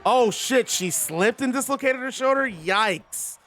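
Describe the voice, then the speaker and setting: A man casually commentating a video game wrestling match, rambling and excitable, drifting into personal stories. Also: very high-pitched, moderate pace. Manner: chatty, rambling and excitable, swears. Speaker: host and commentator.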